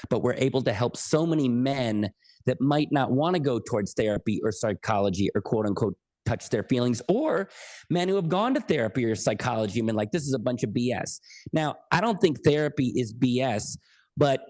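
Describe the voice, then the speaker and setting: A man's voice: medium pitch, expressive, a little fast, darkish tone. A middle-aged man talking as a podcast guest in an earnest, emphatic way, often repeating key words. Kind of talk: conversational interview.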